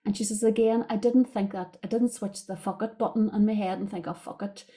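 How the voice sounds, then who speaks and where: A woman's voice: mid-range voice, fairly even intonation, fairly quick, dark tone. A middle-aged Irish woman, a diet coach hosting a podcast, chatting casually as she retells conversations with her clients. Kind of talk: casual storytelling monologue.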